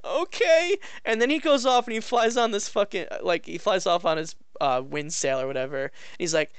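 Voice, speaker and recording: A man's voice: high voice, a little fast, clean tone, no room sound. A young man co-hosting a podcast, chatting casually, swearing a lot, laughing often and acting out silly voices. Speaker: podcast co-host. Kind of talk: casual chat.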